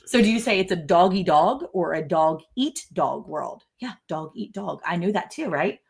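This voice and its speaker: A woman hosts a relaxed live chat, telling stories and laughing as she goes. Her voice sits a little low for a woman. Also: normal speed, vocal fry, slightly rough. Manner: chatty, laughing, storytelling. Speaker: live stream host.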